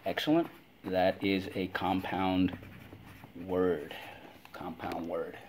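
Energetic low-voiced man teaching spelling. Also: background noise. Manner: energetic call-and-response drilling, stretches words slowly. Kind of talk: classroom spelling lesson.

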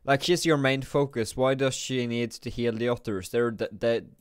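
A gaming video creator, male, gives casual game commentary while drowsy and yawning after just waking up, thinking aloud and often restarting his sentences. His voice is mid-range at a normal speed with a clean tone, recorded dry at studio quality.

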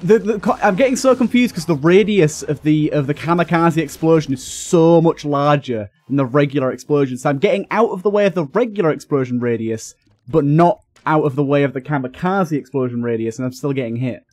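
Excitable man playing a game. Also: a little high, brisk, no room sound. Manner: excitable, frustrated outbursts and swearing. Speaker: gaming YouTuber. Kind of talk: let's play commentary.

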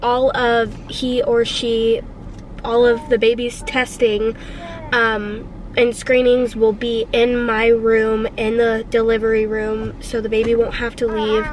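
A woman's voice: fairly high pitch, monotone, slow pace, slight background noise, rough recording. A pregnant woman in her twenties chatting casually for a family vlog. She gushes and rambles emotionally, with lots of fillers. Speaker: family vlogger.

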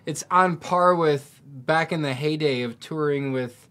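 A man's voice: fairly high pitch, measured pace, a bit bright. A man hosting a podcast in casual chat, reacting and laughing along with his guest. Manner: responsive listener, laughs and reacts. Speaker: podcast host.

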